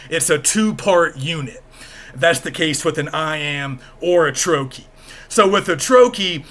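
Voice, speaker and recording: A male lecturer with a bright, forceful tone and a voice that sits a little higher than most men's. He explains step by step in a plain, patient way, often pausing to check that listeners are following. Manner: explanatory, plain-spoken, checks in with "okay?" and "right?". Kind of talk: recorded lecture.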